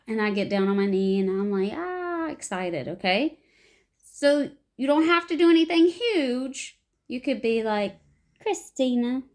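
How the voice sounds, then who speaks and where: Lively woman teaching improv basics. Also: on the high side. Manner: animated, acts out short example lines. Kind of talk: explaining improv to beginners.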